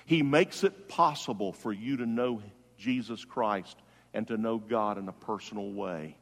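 A man's voice: fairly low pitch, unhurried, vocal fry. Preaching man in a reverberant hall. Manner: preaching, swinging from loud emphatic calls to hushed soft tones. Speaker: pastor. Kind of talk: funeral sermon.

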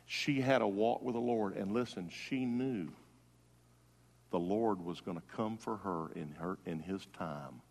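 A male pastor preaching a funeral sermon, swinging from loud emphatic calls to hushed, soft tones. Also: on the low side, a little slow, in a large hall.

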